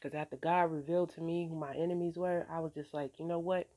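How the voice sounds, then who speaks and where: This vlogger is a fast-talking woman whose low voice is steady and warm. In her casual, faith-based vlog she's streetwise and easygoing, swears casually, uplifts viewers, and keeps repeating "you know what I'm saying."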